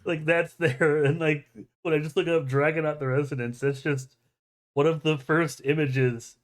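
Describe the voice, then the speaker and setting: A man's voice: on the high side, steady tone, moderate pace. A man, a guest on a casual chat show, who reacts with disbelief and laughs easily.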